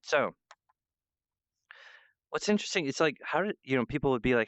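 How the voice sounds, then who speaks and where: A man's voice: medium pitch, lively intonation, moderate pace, long pauses, a bit bright, dry recording, highs cut off. A man giving a meandering spiritual monologue, full of fillers and restarts.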